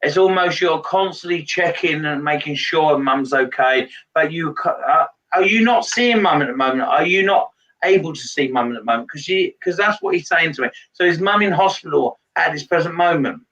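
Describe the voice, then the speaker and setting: A man working as a medium, giving a live reading to a sitter in a halting way, with many pauses and fillers. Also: a little high, sharp tone. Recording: distant mic, dull lo-fi sound.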